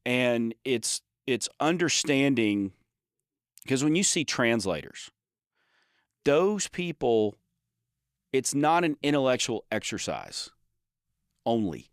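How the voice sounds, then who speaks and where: A man's voice: medium pitch, sing-song, takes it slowly, pauses often, clean tone, no echo. Emphatic man explaining in a dry room. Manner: emphatic, explains by example, many restarts. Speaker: podcast co-host. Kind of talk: casual chat.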